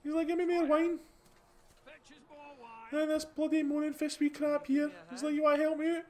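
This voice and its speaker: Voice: sits high, flat delivery, moderate pace, a little mellow. A host with a Scottish accent giving casual, rambling commentary over gameplay, chatty and full of restarts. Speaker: gaming channel host.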